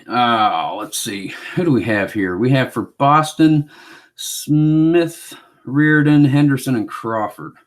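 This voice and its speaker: Unhurried man calling tabletop hockey. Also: mid-range voice. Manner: relaxed, self-mocking, calls the action like a sportscaster. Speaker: board game player and host. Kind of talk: solo play-by-play of a tabletop hockey game.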